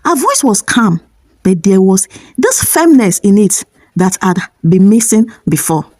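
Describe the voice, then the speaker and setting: A woman narrates a family folktale as host of a storytelling channel, in a steady mid-range voice. Her delivery is plain, with occasional small slips. The sound is dry and close. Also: medium pitch, unhurried, no room sound.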